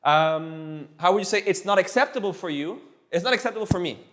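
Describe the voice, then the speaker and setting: A man teaching a casual one-on-one language lesson, patiently repeating phrases slowly so they sink in. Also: high voice, lively intonation, fairly bright tone. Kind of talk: casual tutoring session.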